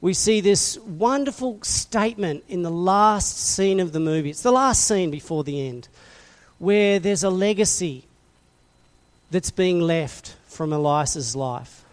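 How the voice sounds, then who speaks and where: A man preaching a sermon to a congregation, passionate and questioning, swinging from loud emphasis to soft, quiet lines. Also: high-pitched, expressive, measured pace. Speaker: pastor.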